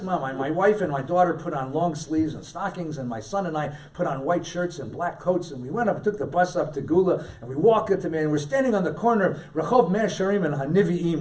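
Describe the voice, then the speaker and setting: A middle-aged man, a rabbi, giving a lively lecture full of anecdotes and jokey asides, and repeating his key lines for emphasis. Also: high voice, distant mic. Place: synagogue hall.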